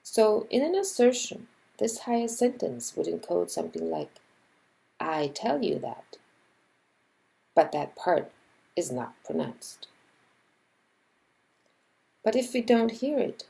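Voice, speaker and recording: A woman lecturer talks unhurriedly in a warm, dark voice with lots of gravelly fry. Her pitch moves a great deal as she explains, and she voices example sentences along the way. The delivery is scripted and measured. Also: sing-song, rough recording. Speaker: linguistics lecturer. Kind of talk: scripted educational narration.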